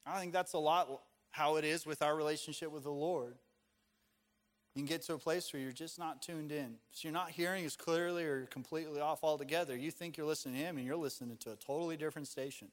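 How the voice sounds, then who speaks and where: Conversational pastor with a higher voice. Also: male voice, fairly even intonation, quick pace. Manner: conversational, storytelling with casual fillers. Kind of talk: sermon.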